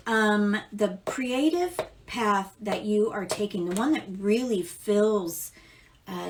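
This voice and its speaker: A woman's voice: medium pitch, slight background noise. A woman giving casual live tarot readings, chatty and affectionate, calling listeners darling and baby and swearing now and then. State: amped up. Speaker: tarot reader.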